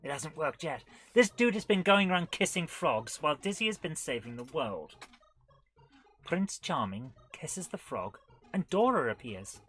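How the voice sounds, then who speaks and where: A woman's voice: sits low, big pitch swings, unhurried, fairly bright tone, slightly rough, faint music behind. A woman in her forties hosting a live retro-gaming stream, chatty and giggly, commenting on the game and reading chat aloud.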